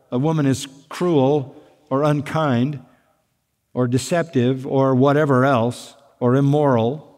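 A man preaching a sermon as pastor, emphatic, slowing down to stress key points. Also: a little high. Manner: emphatic preaching, slows down for weight. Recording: long hall reverb.

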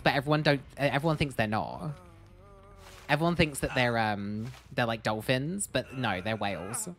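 A woman's voice: rumbling low, a bit bright, a little hiss or hum. A woman streamer giving playful, jokey commentary as she plays a game, with sing-song bits. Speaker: gaming streamer. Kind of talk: casual gameplay commentary.

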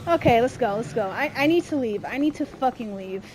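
A woman playing a horror game and commenting, frightened, swearing and yelling at the game. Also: fairly high pitch, expressive, brisk, over music. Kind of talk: horror let's play commentary.

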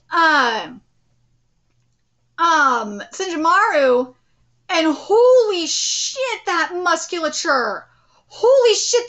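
A woman hosting a live anime reaction, outspoken and swearing freely, breaking into excited exclamations. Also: very high-pitched.

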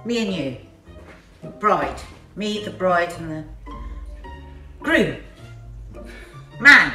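A woman's voice: lowish voice, animated, very slow, pauses often, pushed and bright, recorded from a distance. A woman hosting a family video, guessing charades aloud and often laughing. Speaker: host playing charades. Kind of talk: casual family chat. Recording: echoey room, mic from afar, music behind.

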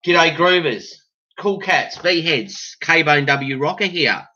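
Aussie bloke doing a slangy band vlog, slow talker, bright voice, kinda dull lo-fi sound. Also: male voice, a little high, animated. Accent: Australian. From Australia. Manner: jokey, exaggerated, slangy. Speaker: band member vlogger. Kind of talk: casual vlog unboxing.

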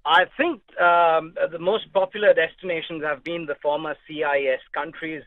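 A man, a travel journalist, joining a radio show as a guest, talking in a relaxed, halting way with many fillers. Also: fairly high pitch, no room sound. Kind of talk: phone-in radio interview. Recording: tinny phone line.

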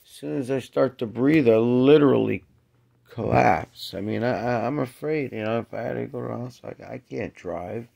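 A sick, short-of-breath man at home with his cats, cooing to them in a raised voice and otherwise muttering low in casual chat. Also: moderate pace, creaky, warm tone. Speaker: cat owner filming his pets.

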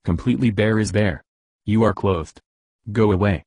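A man voicing a stern storybook mother bear who turns callers away in a flat, firm way. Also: on the low side, moderate pace, no echo, natural voice.

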